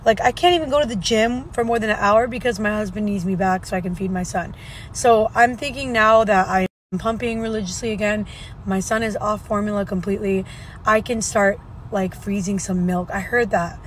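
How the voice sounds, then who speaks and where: A young woman talks straight to her followers in a loose, rambling vlog, sounding worn out as she vents about motherhood. Her voice sits at an ordinary middle pitch. A faint hum of background noise sits under her words. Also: steady tone, normal speed, poor audio. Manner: chatty, tired, venting. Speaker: vlogger and mother. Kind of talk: casual vlog talk to camera. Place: at the gym, faint ambient noise.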